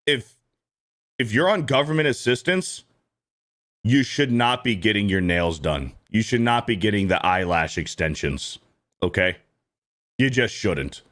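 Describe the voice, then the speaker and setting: A man's voice: lowish voice, animated, measured pace, pauses often, fairly bright tone. A man hosting a reaction show, ranting bluntly and swearing often as he comments on clips. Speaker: host.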